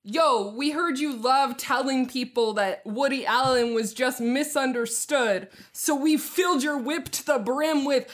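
Een vrouw die een opgewonden mannelijke tv-presentator speelt, luid aankondigend. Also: female voice, sits high, unhurried, hardly any pauses, pitched above the performer's own voice. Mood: hyped. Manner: brash, announcer-style. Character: hyped male TV car-makeover host.

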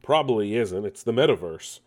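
A man's voice: lowish voice, lively intonation, brisk, a little mellow. A man hosting a casual nerd news show, playful and rambling, full of jokes and asides to himself.

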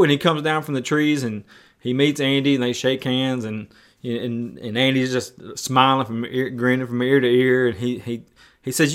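Folksy preacher, hesitant with fillers, medium-pitched male voice. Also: flat delivery, normal speed, a bit bright. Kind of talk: sermon retelling a TV episode.

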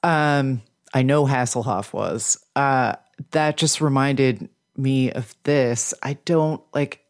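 A woman's voice: rumbling low, slow pace. A woman podcast co-host chatting in a rambling, playful way. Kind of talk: casual chat.

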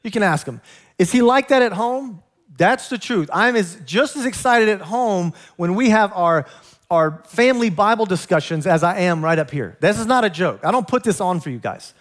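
A man with a high-pitched voice preaching a sermon in a church sanctuary. He is an excitable, animated pastor who laughs with his congregation and mixes scripture with humor. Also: normal speed.

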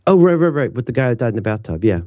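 A man in his thirties co-hosting a podcast, chatting casually in a rambling, animated way. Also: medium pitch, rapid-fire, no room sound, highs cut off. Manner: rambling, self-interrupting, animated. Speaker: podcast co-host. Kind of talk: casual chat.

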